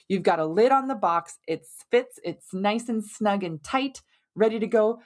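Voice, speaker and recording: A woman hosting a health podcast, explaining in a conversational, animated way and leaning on everyday analogies. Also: fairly low pitch. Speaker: podcast host and hormone health doctor. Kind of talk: educational podcast monologue.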